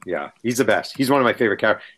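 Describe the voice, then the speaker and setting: An author guest with a lowish voice races through casual stories. He's animated, acting out the people he quotes along the way.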